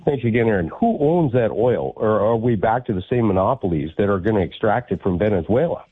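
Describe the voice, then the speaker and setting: Male radio caller, husky voice, lively pitch, tinny phone line, insistent. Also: fairly quick. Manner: insistent, presses questions. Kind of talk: call-in radio argument.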